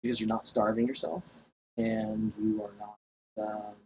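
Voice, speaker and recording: A man's voice: on the low side, level tone, a little slow, a little mellow, a little hiss or hum, rough recording. A man vlogging to his camera at home, telling a story casually in a rambling, profane way and laughing at himself.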